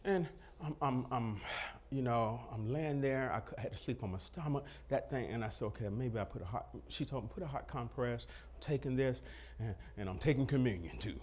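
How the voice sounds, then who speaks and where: A man's voice: medium pitch, brisk, hardly any pauses, a little mellow. A middle-aged man preaching a testimony sermon, acting out the dialogue and breaking into laughter as he tells it. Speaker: pastor.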